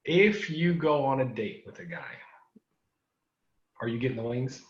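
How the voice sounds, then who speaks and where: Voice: mid-range voice, animated, measured pace. A laid-back co-host in a casual food chat, asking questions and murmuring agreement. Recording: dull roomy sound.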